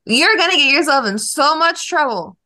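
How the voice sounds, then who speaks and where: A woman with a high, bright voice that jumps up and down throws teasing wisecracks into a casual podcast chat. She speaks in short, quick jabs. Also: expressive.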